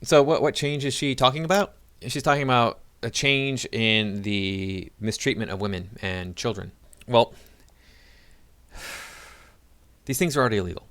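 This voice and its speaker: Guy with a lowish voice doing a rambly reaction video, lots of um and like. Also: brisk, fairly bright tone. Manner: rambling, talks to viewers, many fillers and restarts. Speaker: video commentator. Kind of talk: casual reaction commentary.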